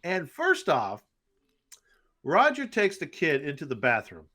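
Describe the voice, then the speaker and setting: A man with a slightly high, sharp voice co-hosts a movie review show. He talks loosely and crudely and acts out scenes with quick voices. His pitch swings up and down a lot. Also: huge pitch swings. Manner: crude, joking, retells scenes with quick impressions. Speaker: podcast co-host. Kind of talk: casual movie review banter.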